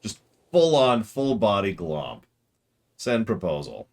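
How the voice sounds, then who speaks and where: A man casually commentating a strategy game as he plays, joking and reacting out loud. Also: lowish voice, big pitch swings, slow pace, vocal fry. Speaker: streamer.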